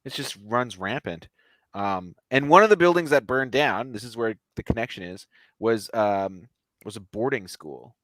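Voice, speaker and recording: A man's voice: on the low side, expressive, moderate pace, fairly bright tone, dry recording. A man hosting a podcast, telling a story in casual chat with joking, sarcastic asides. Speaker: podcast host.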